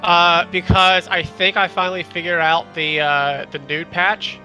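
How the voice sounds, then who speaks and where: A young man chats loosely while streaming a shooter game. His voice sits a little high, with a bright, forward tone. He swears freely as he reacts to the match, with faint music playing underneath. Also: little pitch movement, a little slow. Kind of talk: casual gaming chat.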